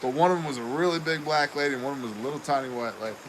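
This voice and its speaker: Co-hosting a casual show, a man tells a story at rapid-fire speed, laughing a lot and acting out the quoted voices. His voice is mid-range, and there's noise in the background.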